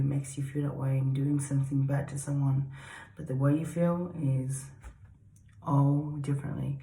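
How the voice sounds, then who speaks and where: Her voice is deep with a darkish tone as she talks casually, unscripted and unedited, as a self-described psychologist for dogs and humans. Expect rambling, repetition, and swearing for emphasis, captured with a roomy echo.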